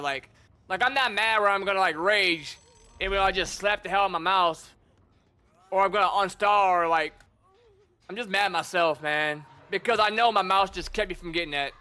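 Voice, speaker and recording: Excitable high-voiced young gamer guy. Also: smooth. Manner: excitable, swears, frequent "bro" and "dude". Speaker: gaming streamer. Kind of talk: casual gameplay commentary.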